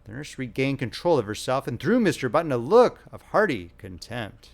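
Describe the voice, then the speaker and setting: A man's voice: medium pitch, sing-song, moderate pace, creaky. A man narrating a classic short story as an audiobook, telling it expressively.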